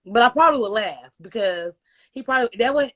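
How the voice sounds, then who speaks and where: A woman chatting as a podcast guest, expressive and quick with her asides. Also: fairly high pitch. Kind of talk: casual podcast chat.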